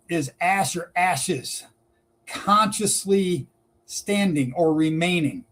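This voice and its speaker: A man presenting on Northern Pagan lore, talking slowly and deliberately and spelling out words as he explains. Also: sits high, a bit bright, poor audio. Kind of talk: explanatory talk to camera.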